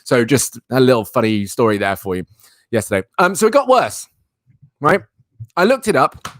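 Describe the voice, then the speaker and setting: A young man with a medium-pitched, expressive voice hosts a live talk stream at a moderate pace. He tells a rambling, exasperated story in a casual ranting style, repeating himself for emphasis.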